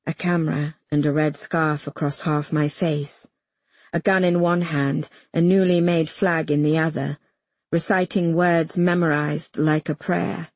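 A woman's voice: low-pitched, fairly even intonation, measured pace, a little mellow, no room sound. A woman narrating a first-person novel as an audiobook, telling it in a tense, urgent way and voicing the heroine's lines. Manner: tense, urgent storytelling with voiced dialogue.

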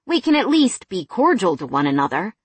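A woman voicing a pushy, smooth-talking ex. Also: high voice, big pitch swings, brisk, no echo, full character voice. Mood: insistent. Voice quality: insistent, persuasive.

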